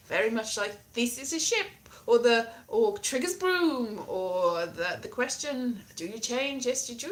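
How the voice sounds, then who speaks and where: A woman's voice: a little high, very animated, measured pace. A woman chatting playfully on her own livestream, rambling, trailing off and restarting. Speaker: livestream host. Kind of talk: casual rambling livestream chat.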